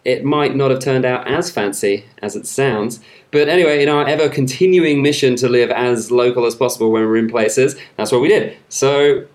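An easygoing young man from Somerset co-hosts a travel podcast in a relaxed, chatty voice. He jokes around lightly and speaks at a medium pitch, recorded outdoors. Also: moderate pace. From England, Somerset. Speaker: podcast co-host. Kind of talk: casual travel podcast chat. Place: outdoors at a seaside fort.

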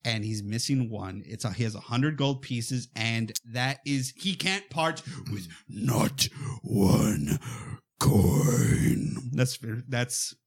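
A man chatting casually about a horror comedy, retelling scenes with lively acted-out quotes and frequent fillers. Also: medium pitch, a little slow, few pauses. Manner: animated storytelling, acts out quotes. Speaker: podcast co-host. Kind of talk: casual movie chat.

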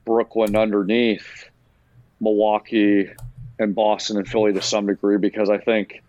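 A man, a sports writer, giving a measured, caveat-heavy analysis as a guest in a casual talk. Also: on the low side, little pitch movement, darkish tone, muffled recording.

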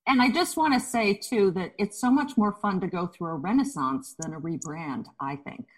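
A woman's voice: mid-range voice, normal speed, husky, rough recording. A woman with a light Boston accent co-hosting a podcast over a video call, gushing and emphatic. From Boston area. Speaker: podcast co-host.

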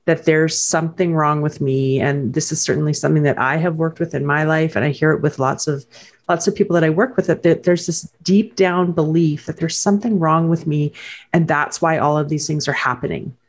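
A woman's voice: low voice, fairly even intonation, fairly quick. A woman hosting an interview, affirming and encouraging as she responds to her guest. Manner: warm, affirming, speaks in soft encouragements. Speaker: host. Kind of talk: interview host.

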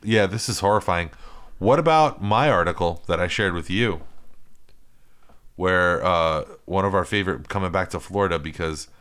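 A man's voice: sits low, normal speed, fairly bright tone. A man co-hosting a podcast in casual chat, sardonic and profane, laughing often. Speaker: podcast co-host.

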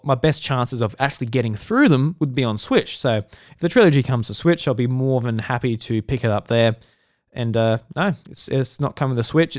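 Speaking at medium pitch, an Australian-accented podcast host from South Australia rambles casually through his solo show, with lots of fillers and restarts. The recording is dry and clean, studio quality.

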